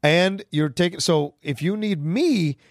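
A man co-hosting a casual film-discussion podcast, agreeable, quick to chime in and laughing often. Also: high-pitched, dry recording, clean studio sound. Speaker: podcast co-host.

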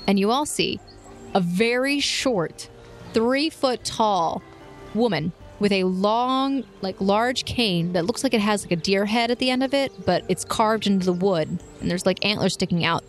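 A woman's voice: medium pitch, a little slow, faint music behind. A woman narrating as game master of a tabletop game in a casual, chatty way with many fillers.

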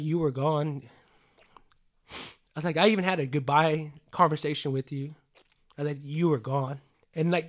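A man in his late twenties with a somewhat high speaking voice, talking through a personal story in loose conversation. His sentences wander and restart, packed with "like" and casual swearing. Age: 20s. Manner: rambling, heavy use of "like", swears casually. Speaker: guest telling a personal story.

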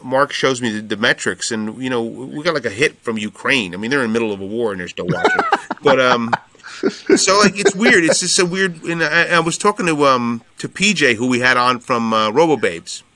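A man's voice: medium pitch, fairly quick, pushed and bright, no echo. A man co-hosting a podcast in casual chat, rambling with many fillers and frequent laughter. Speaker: podcast co-host.

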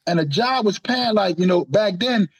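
Husky high-voiced New man. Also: normal speed, no room sound, low-quality recording. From New Orleans, USA. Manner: animated, laughs while telling stories. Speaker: guest poet. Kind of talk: casual storytelling and spoken word poetry.

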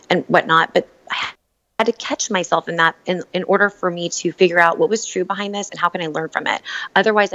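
Reflective woman in casual chat, a bit low, dull lo-fi sound. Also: fairly bright tone. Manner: reflective, repeats words and restarts often. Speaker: podcast guest, writer on emotions. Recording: dull lo-fi audio.

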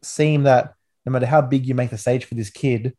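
Excited young Australian sports podcaster. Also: male voice, mid-range voice, moderate pace. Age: 20s. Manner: enthusiastic, rambling with restarts. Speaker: podcast host. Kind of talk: casual sports chat.

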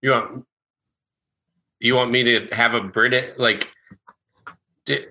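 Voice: medium pitch, steady tone, takes it slowly, pushed and bright, slight background noise, poor audio. A performer in an improv comedy scene who talks hesitantly and obligingly, often stammering.

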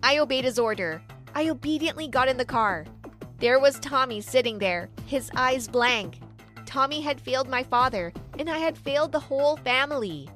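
High-voiced woman narrating a story. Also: expressive, normal speed, a bit bright, soft background music. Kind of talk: first-person story narration.

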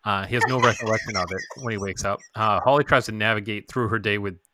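Low bright-toned young man co-host. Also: fairly even intonation, fast. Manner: teasing, many "uh" fillers when reading notes. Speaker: podcast co-host. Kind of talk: casual chat, recapping an episode.

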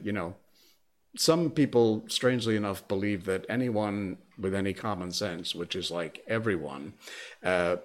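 A man live streaming from his desk at home, chatting casually into a desk microphone with a rambling, chuckling, anecdotal manner. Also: medium pitch. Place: home desk with a squeaky chair.

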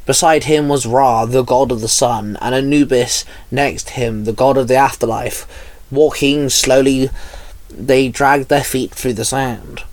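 A man's voice: medium pitch, steady tone, unhurried, dry recording. Man reading a story aloud, dry sound. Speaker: narrator. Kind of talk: reading fan fiction aloud.

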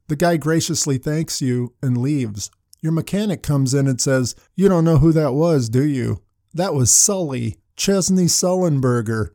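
An older man preaches a sermon, leading in with story after story. His voice sits a little high yet sounds mellow and dark. The sound is dry and close. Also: no room sound. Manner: storytelling with anecdotes. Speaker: pastor.

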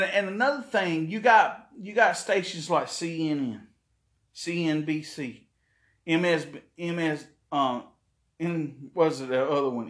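A man's voice: a little high, fairly bright tone, echoey room. A man from South Carolina, hosting a podcast in a heated, profane, rambling rant. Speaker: podcast host. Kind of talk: ranting monologue.

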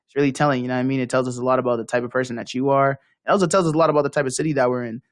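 Fast-talking young man. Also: mid-range voice, fairly even intonation, dry recording, clean studio sound. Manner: frank, conversational, emphatic. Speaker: podcast co-host. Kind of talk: casual chat.

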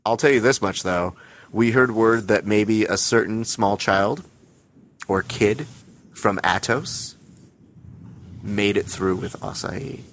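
Man, low voice, casual podcast chat, comic ranting, faint rumble behind. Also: slow pace, long pauses, fairly bright tone. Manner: ranting, comic storytelling with profanity.

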